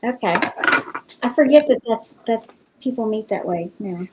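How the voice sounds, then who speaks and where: A woman's voice: fairly high pitch, expressive, moderate pace, heavy background noise. A woman on a casual podcast, asking curious questions with hesitant fillers. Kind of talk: casual chat.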